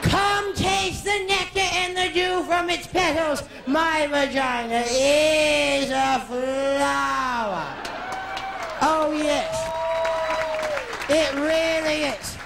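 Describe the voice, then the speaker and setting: A man impersonating a grand, theatrical older female film star, declaiming slowly with a slurred grandeur. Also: very high-pitched, creaky, over a noisy crowd, very noisy, full character voice. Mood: grandly declaiming. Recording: echoey live room with audience.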